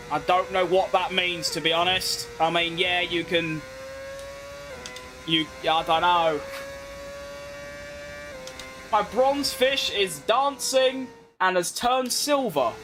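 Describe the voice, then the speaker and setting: A young British game streamer with a high, bright, forceful voice chats casually to himself and his viewers while playing a racing game. His gameplay commentary is slangy and self-mocking, and a little hiss or hum sits under the recording.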